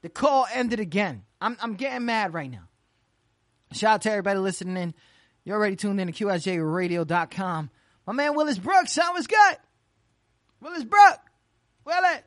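An internet radio host rattling off quick, slangy shout-outs in casual, hyped chatter. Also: medium pitch, lively intonation, no echo, clean studio sound. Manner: rapid repeated shout-outs, loose slangy banter.

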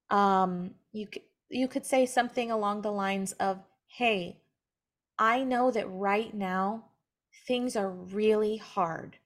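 A young woman speaking earnestly as a guest in a casual conversation about faith, sometimes acting out what other people say. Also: mid-range voice. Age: young adult. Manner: earnest, animated when quoting others. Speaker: guest, mother sharing her story.

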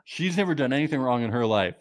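A man co-hosting a podcast in casual chat, animated, exasperated and profane. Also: mid-range voice, fast, dry recording, clean studio sound. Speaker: podcast co-host.

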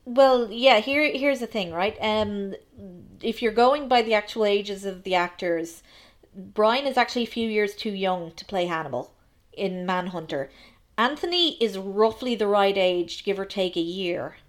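A woman's voice: medium pitch, a little slow. A woman co-hosting a podcast, chatting analytically about film with plenty of ums. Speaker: podcast co-host. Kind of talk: casual film discussion.

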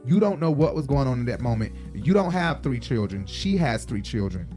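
A man's voice: medium pitch, sing-song, brisk, music in the background. A man hosting a casual reality-show recap, talking in a rambling way with many fillers. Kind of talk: casual chat.

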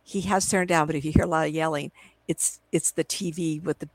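A woman's voice: low voice, fairly even intonation, fairly quick, no echo, rough recording. A middle-aged woman, a psychic medium, chatting through a video call in a rambling way and quoting her own past conversations. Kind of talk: casual storytelling in a live video interview. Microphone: computer video call.

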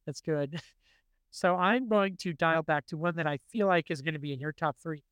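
High, smooth-voiced man in his forties. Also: moderate pace, no room sound. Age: 40s. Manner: animated, quotes cartoon lines in funny voices. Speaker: podcast co-host. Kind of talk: casual chat.

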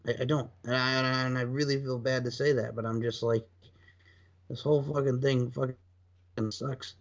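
A man hosting a casual podcast, animated and rambling, swearing and laughing often. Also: medium pitch, normal speed, gravelly. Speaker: podcast host. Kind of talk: casual chat. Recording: dull lo-fi sound.

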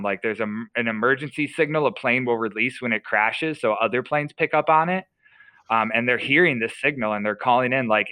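A man's voice: mid-range voice, normal speed, bright, forceful tone, no room sound, low-quality recording. A young man, a podcast co-host, casually retelling a story with lots of fillers and restarts.

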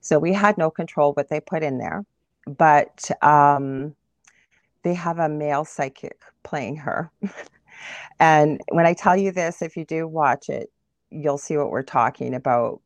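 A woman's voice: low-pitched, no room sound. A woman from Canada, a guest medium, vividly recounting a story in a conversational interview. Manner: animated, vivid retelling.

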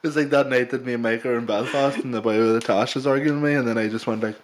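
A young man co-hosting a podcast, trading stories with a friend. His voice sits at an ordinary middle pitch. He talks loosely, laughs often and swears freely. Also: steady tone, quick pace, a little hiss or hum. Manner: laughing banter, swearing, local slang. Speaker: podcast co-host. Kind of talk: casual chat.

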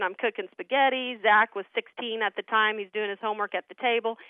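A middle-aged woman, a ministry founder, telling family stories as a radio interview guest in an earnest, animated way. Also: on the high side, no echo. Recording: tinny phone line.

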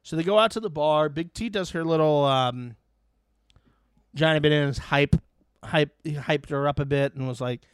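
Animated man recapping with lots of mimicry. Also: a little high, normal speed, smooth, no room sound, clean studio sound. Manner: animated storyteller who acts out quotes and mimics fake laughter. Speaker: podcast co-host. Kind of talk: casual chat recapping a reality show.

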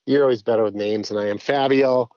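A man's voice: medium pitch, steady tone, fast, darkish tone, dry recording, dull audio. A man chatting as a podcast guest, rambling with many restarts. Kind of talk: casual podcast chat.

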